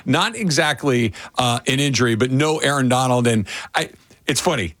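A man hosting a pregame sports radio show, talking in an animated, conversational way and repeating words when excited. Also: mid-range voice, normal speed, no echo.

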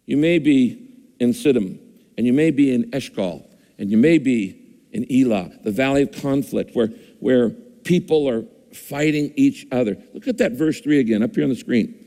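A man's voice: medium pitch, normal speed, dark tone. A pastor preaching a sermon in a conversational way, often repeating his phrases, speaking on a stage microphone in a church with a screen. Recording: long hall reverb.

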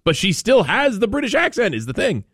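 A man's voice: high voice, huge pitch swings, a little fast, fairly bright tone, breathy edge, dry recording, clean studio sound. A man from Maine hosting a talk radio show, chatting in a rambling way with frequent restarts. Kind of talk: casual talk radio chat.

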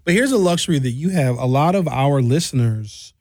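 A man hosting a radio talk show and podcast, outspoken and animated, telling stories and giving blunt opinions. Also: mid-range voice, brisk, dry recording, clean studio sound.

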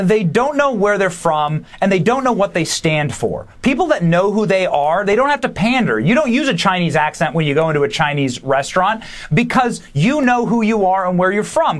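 A man, a podcast host appearing as a guest, delivering emphatic, opinionated political commentary in quick bursts. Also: sits high. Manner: emphatic, fast bursts, dismissive.

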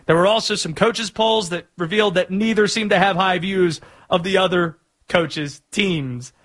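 A man hosts a sports talk radio show, with a voice pitched notably high for a man. He is energetic and opinionated, and hypes up the matchup with relish.

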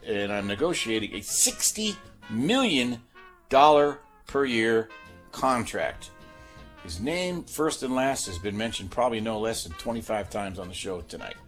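A male sports talk host with a lively, swooping delivery and a mid-range voice. He rambles casually through his clues, full of fillers and restarts, with faint music playing underneath. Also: medium pitch. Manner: animated, chatty, with filler-heavy restarts. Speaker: sports talk host running a guessing game. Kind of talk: casual sports radio chat.

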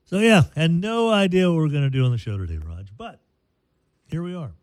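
A man's voice: on the high side, animated, a little fast, darkish tone, dry recording. A man hosting a sports radio show in casual, rambling, self-deprecating chat.

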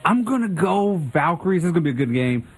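A man's voice: on the high side, very animated, quick pace, soft background music. A man appearing as a guest on a sports radio show, casually giving his picks. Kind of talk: casual sports betting chat.

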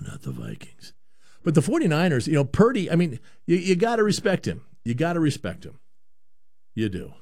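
A man's voice: mid-range voice, dry recording, clean studio sound. A man from Canada hosting a sports talk show, giving a rambling, opinionated monologue.

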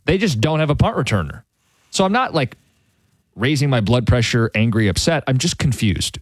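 A man co-hosts a sports radio show, chatting in an animated, opinionated way. His voice swings widely in pitch. The studio sound is dry and close. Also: normal speed, no room sound. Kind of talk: casual sports radio chat.

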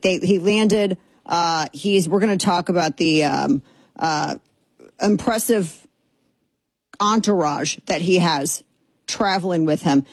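Husky, sarcastic woman radio host. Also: lowish voice, darkish tone, no room sound. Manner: sarcastic, exasperated, rambling with fillers. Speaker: radio talk show host. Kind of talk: casual opinionated radio talk. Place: radio studio. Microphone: studio microphone.

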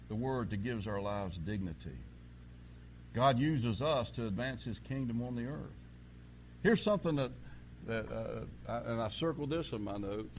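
A man preaching a sermon, telling folksy stories and swinging from quiet asides to loud preaching. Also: medium pitch, noisy background. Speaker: pastor.

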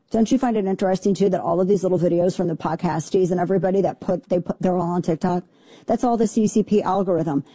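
A woman's voice: fairly low pitch, warm tone, slightly rough, no room sound. A woman hosting a talk radio show, giving indignant, sarcastic commentary.

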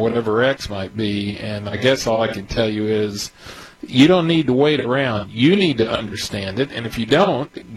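A man who advises on real estate deals, talking unscripted and candidly, his voice climbing higher as he gets worked up. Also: husky, rough recording. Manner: candid, grows agitated and higher-pitched. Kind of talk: unscripted commentary.

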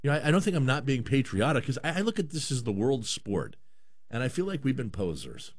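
A man hosts a casual radio chat, joking and rambling with frequent restarts. His voice moves up and down a lot as he riffs. The pitch sits in a middle register. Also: sing-song, fairly quick. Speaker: radio show host.

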